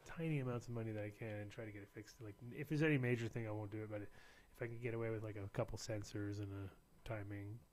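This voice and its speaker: A man's voice: lowish voice, steady tone, fast, darkish tone. An American man hosting a show, rambling through a casual story, often laughing and putting on other people's voices. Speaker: show host. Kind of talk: casual chat.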